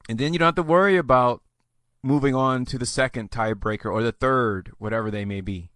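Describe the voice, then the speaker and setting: Chatty bright-voiced man hosting a podcast. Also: medium pitch, brisk, dry recording, clean studio sound. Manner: chatty, joking asides, rambling. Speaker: podcast host. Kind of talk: solo podcast advice monologue.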